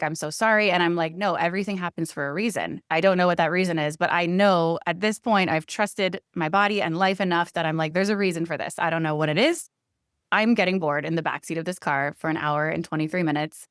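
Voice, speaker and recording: A woman telling a story on a podcast, animated and quick to laugh. Her voice sits low and smooth, and the sound is close and dry with no room around it. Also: no room sound. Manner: animated storyteller, laughs often, acts out quoted lines. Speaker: podcast co-host. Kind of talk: casual storytelling chat.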